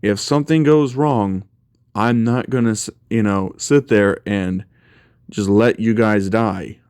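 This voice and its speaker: A man's voice: lowish voice, takes it slowly, darkish tone, clean tone, no echo, studio quality. A man voicing a stern, commanding male king of the gods who scolds bluntly and swears.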